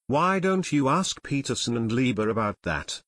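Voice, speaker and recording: A man's voice: mid-range voice, very animated, moderate pace, fairly bright tone, no echo. A man voicing a bold young man who urges and taunts, in an audiobook reading. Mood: urgent. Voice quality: urgent, taunting. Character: bold young man, quick-witted friend.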